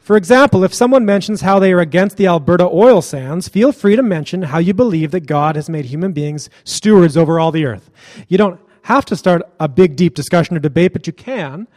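A man's voice: sits high, lively intonation, fairly quick, a little mellow, long reverb tail. A man preaching a sermon in a casual, joking and blunt way.

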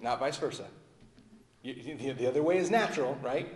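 Guy preaching a sermon, chatty, trails off quiet at the ends, big echoey church hall. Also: animated, a little fast. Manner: conversational preaching, dropping low and soft at phrase ends. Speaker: pastor. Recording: echoey hall with long reverb.

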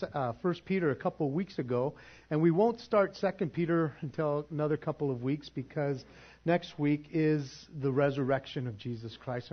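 A middle-aged man preaching to his congregation, telling a story with animated quoted voices before moving into prayer and announcements. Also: mid-range voice, dull audio. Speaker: pastor. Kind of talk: sermon. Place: church.

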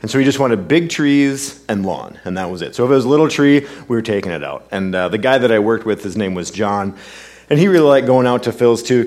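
An earnest male pastor delivers a sermon in a very deep voice. He reads scripture with sweeping, rising emphasis. He then slips into a softer, conversational storytelling tone that often trails off quietly. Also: animated, a little fast.

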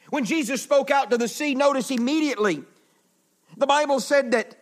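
A male pastor preaching a sermon in a church, swinging from loud declarations to hushed words, with folksy asides to the congregation. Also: extremely high pitch, lively intonation, normal speed. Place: church building.

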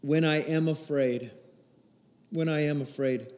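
A middle-aged male pastor delivers a sermon in an earnest, measured way, now and then rising into emphatic bursts. His voice sits a little high for a man. A long reverb trails his words through the church sanctuary. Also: steady tone, a little mellow.

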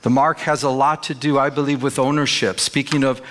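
A man's voice: medium pitch, little pitch movement, a little fast, a bit bright. A pastor preaching a sermon in a conversational way, often asking his listeners questions. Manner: conversational, asks the audience questions.

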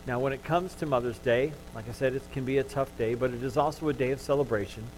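A male pastor delivers a sermon to his church in a middle-pitched voice. He tells his stories with animated energy and turns gentle when he comforts. A faint hum sits under the recording. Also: quick pace, low-quality recording.

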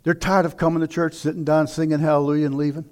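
A middle-aged male pastor preaching a sermon, telling stories and asking questions, dropping to near whispers and rising to shouts. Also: fairly high pitch, level tone, quick pace. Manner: dramatic, swings from hushed near-whispers to shouting; conversational storytelling with rhetorical questions.

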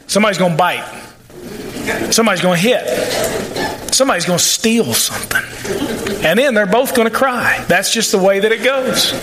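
A man's voice: sits high, brisk, pauses often, background noise. A male pastor preaching a sermon, folksy and plain-spoken, with asides and playful sarcasm. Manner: acts out quoted voices.

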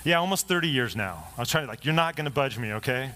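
A middle-aged man, a pastor, preaching a sermon built on a personal story, in a conversational manner with lively quoted dialogue. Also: medium pitch, fast, slight background noise.

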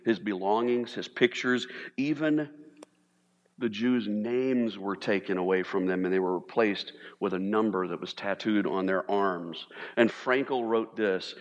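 A man preaches to his congregation, lively and animated, now and then jumping into exaggerated panicked voices to make a point. His voice sits on the low side. A long reverb trails each phrase through the church hall. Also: highs cut off. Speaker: pastor. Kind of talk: sermon.

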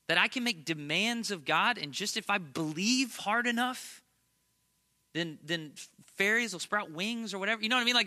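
Male preacher, thirties, high and ringing tone, conversational sermon with humor. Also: sharp tone. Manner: conversational and emphatic, with playful asides. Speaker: pastor.

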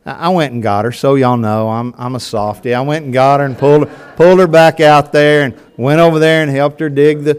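An older man preaching a sermon to his congregation, telling folksy stories and swinging between loud and soft. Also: medium pitch, steady tone, brisk, hardly any pauses, clean tone. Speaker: pastor. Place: church sanctuary before a congregation.

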